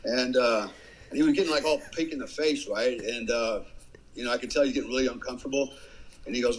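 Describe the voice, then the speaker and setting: A man's voice: medium pitch, fairly quick, rough recording. A man telling a casual war story as a podcast guest, swearing freely and acting out what others said. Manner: animated storyteller, acts out quotes, swears freely. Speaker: guest, former special forces soldier.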